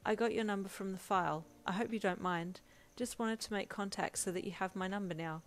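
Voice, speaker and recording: A woman voicing a cheerful, bashful young male hero who talks softly and eagerly, in a storybook reading. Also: medium pitch, fairly quick, natural voice. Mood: friendly. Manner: soft, eager and sweet.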